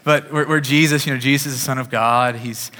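A male pastor with a mid-range, sharp-toned voice and fairly even intonation preaches in a conversational style, a little fast, often beginning sentences over again. He's in a church sanctuary, and the recording has a large hall's long reverb.

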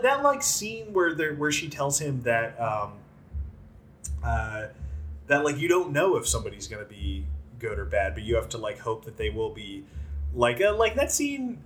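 A man with a mid-pitched voice talks through a film review in casual podcast chat. He rambles and leans heavily on fillers. A faint hiss sits under the recording. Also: a bit bright. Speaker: podcast co-host.

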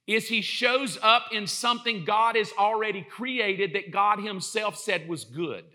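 A male preacher with a high, ringing voice delivers a lively sermon. His tone is intensely bright and sharp-edged. He jokes and acts out small scenes as he goes. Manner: animated, joking storyteller who acts out quotes. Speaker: pastor.

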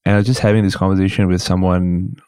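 A man, a stand-up comedian chatting casually on a podcast, telling animated stories and swearing freely. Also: low-pitched, fast, smooth, dry recording, studio quality. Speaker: guest host, stand-up comedian.

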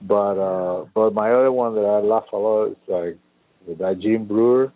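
A man's voice: lowish voice, normal speed, no echo. A man co-hosting a casual chat, a rambling and profane storyteller. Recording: phone-like lo-fi line.

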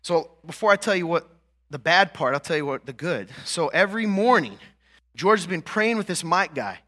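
A man preaching a sermon as a pastor, talking conversationally and often checking in with "right?" and "okay?", then building to emphatic, louder peaks. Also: fairly high pitch, lively intonation, normal speed.

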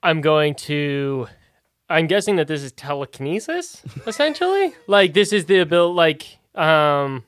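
A young man playing in a tabletop game, expressive and playful in his reactions. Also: fairly high pitch, unhurried, clean tone, no echo. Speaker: player. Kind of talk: casual tabletop play.

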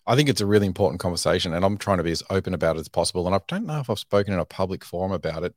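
A man's voice: low-pitched, lively intonation, very fast, no room sound, clean studio sound. A man in his thirties, a podcast guest, telling frank, self-deprecating stories in casual talk and often restarting his phrases. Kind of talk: candid conversational storytelling.

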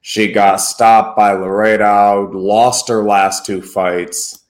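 A man with a fairly low voice talks in a roomy, echoing space. He co-hosts a casual sports chat in a measured, analytical way and backs his points with records and stats. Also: little pitch movement. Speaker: podcast co-host. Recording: roomy echo.

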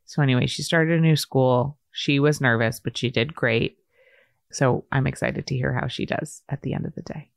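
A woman's voice: a bass voice, steady tone, normal speed, creaky, no echo, clean studio sound. A woman in her forties co-hosting a podcast, talking in an earnest, reflective way with many fillers. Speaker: podcast co-host. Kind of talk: casual podcast chat.

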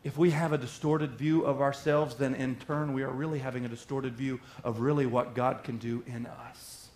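Animated preacher man in an echoey room. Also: mid-range voice, a little fast, a little hiss or hum. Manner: animated, acts out little quoted voices. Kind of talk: sermon. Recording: roomy echo.

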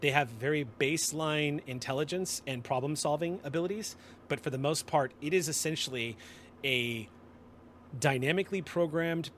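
A man's voice: a little high, normal speed, a bit bright, slight background noise. A man narrating as game master of a tabletop role-playing game, describing the action and calling for dice rolls.

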